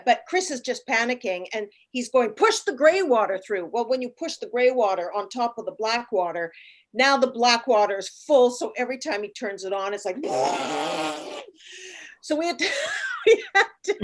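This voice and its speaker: A guest, a woman in her late fifties with a fairly high voice, casually tells a travel story. She's animated and acts out the voices of the people involved.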